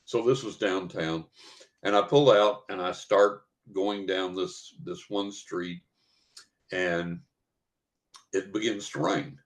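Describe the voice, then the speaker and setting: An older man with a drawl and a fairly low voice tells a story as a podcast guest. He paints each scene in detail and acts out what people said along the way. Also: steady tone, slow. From West Texas. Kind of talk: vivid personal storytelling.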